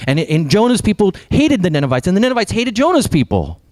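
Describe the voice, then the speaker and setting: A young adult man preaching a sermon as pastor, animated, sometimes dropping to a hush for emphasis. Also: high-pitched, fast, no echo.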